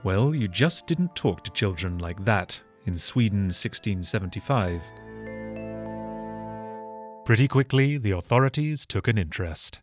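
A man's voice: on the low side, a little slow, soft background music. Sardonic male history narrator. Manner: sardonic, deadpan asides. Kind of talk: comedic scripted history narration.

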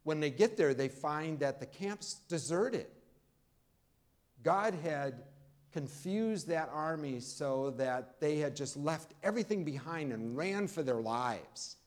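A man's voice: on the high side, expressive. A man preaching a Sunday sermon, talking to the congregation in an easy, conversational way and leaning hard on key words. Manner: preaching, warm conversational pauses, emphatic rises. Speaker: pastor. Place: church.

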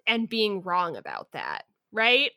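A woman co-hosting a podcast, giving firm opinions in a halting, deliberate way. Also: medium pitch, wildly swooping pitch, gravelly, bright, forceful tone, no room sound, clean studio sound. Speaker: podcast co-host. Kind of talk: casual book discussion.

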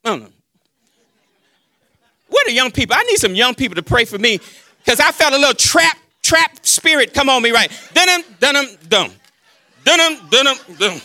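Guy preaching on a handheld mic, acts out talking w god, crisp dry sound, high voice. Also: normal speed, long pauses, no echo. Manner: animated preaching, quoting God in dialogue, playful asides. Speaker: pastor. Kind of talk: sermon.

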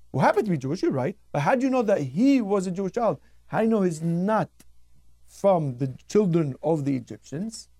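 A man's voice: sits high, a little mellow, dry recording, studio quality. A man teaching a radio Torah class, telling stories in an emphatic style and repeating words for effect.

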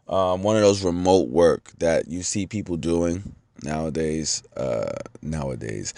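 Deep-voiced, lively dad ranting to camera. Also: male voice, gravelly. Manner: animated storytelling, swearing, laughs often. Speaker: vlogger, father. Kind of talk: casual monologue to camera.

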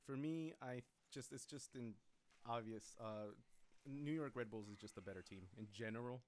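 A man's voice: medium pitch, moderate pace, slight background noise. Laid-back, jokey man. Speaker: podcast co-host. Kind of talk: casual chat.

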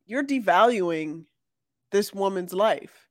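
A podcast co-host in casual chat, talking haltingly with many restarts. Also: mid-range voice, animated, no room sound, studio quality. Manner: hesitant, stumbling restarts, slow.

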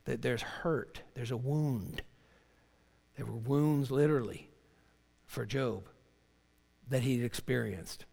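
A male pastor delivering a sermon, moving between loud, dramatic readings and quiet, low emphasis. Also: slow, creaky, pauses often, long reverb tail. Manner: animated preaching, voicing Job's cries with rising pitch and dropping low for emphasis.

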